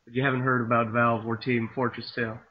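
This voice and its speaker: A man's voice: medium pitch, level tone, a little fast, husky. A young man interviewing a guest, asking eager, fan-like questions in a casual chat. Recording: dull lo-fi recording.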